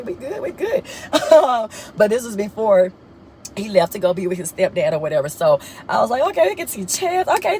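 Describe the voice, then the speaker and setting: A young woman tells a personal story in a casual vlog, talking straight to her viewers. Her voice sits mid-range, and it leaps up in pitch when she gets excited. Repeats herself often, with faint background noise. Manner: animated, expressive, often jumps high in pitch when excited. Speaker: vlogger.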